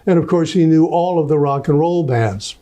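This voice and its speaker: Male host, slightly high and mellow, wry and amused, halting intro style. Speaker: talk-show host. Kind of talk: talk-show interview.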